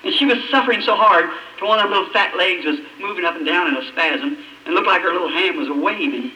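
A man preaching an emotional testimony, his voice breaking and climbing high, with long dramatic pauses. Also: bright, forceful tone. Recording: old echoey hall recording from a distance, faint hiss.

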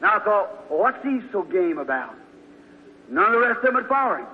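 High-voiced folksy preacher in a hall. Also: male voice, very animated, brisk, a little hiss or hum. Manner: folksy storytelling, fervent outbursts. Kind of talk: sermon. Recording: dull sound in a large hall.

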